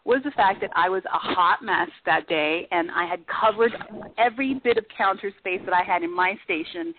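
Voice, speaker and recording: Animated woman on a tinny phone line. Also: medium pitch, normal speed, slight background noise. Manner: animated, acts out shouted quotes. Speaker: guest, former cooking show contestant. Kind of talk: casual storytelling on talk radio.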